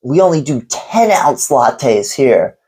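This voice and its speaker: A man's voice: mid-range voice, big pitch swings, slow, slightly rough, full character voice. A man voicing an angry, hostile male coffee shop owner who swears and threatens while retelling a confrontation. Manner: profane, threatening, yelling insults.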